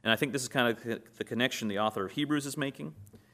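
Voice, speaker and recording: A man's voice: medium pitch, fast talker, a bit bright. A man preaching a sermon, who asks his listeners questions, answers them himself and acts out short scenes in quoted voices.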